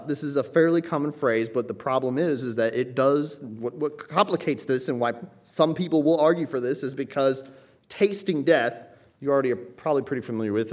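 A man preaching a sermon, explaining a passage verse by verse, often checking in with "okay?" and "right?" and stressing quoted scripture with raised emphasis. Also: mid-range voice.

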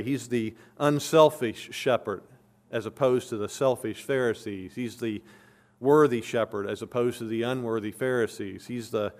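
Reading scripture aloud, a pastor with a mid-range voice works through it verse by verse in an expository sermon. His delivery carries earnest emphasis.

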